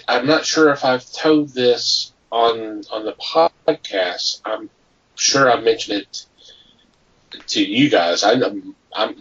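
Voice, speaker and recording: A man co-hosting a podcast, telling rambling stories in casual chat and getting animated at the punchlines. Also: fairly low pitch, husky, far from the mic. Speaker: podcast co-host. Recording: muffled, from off the mic.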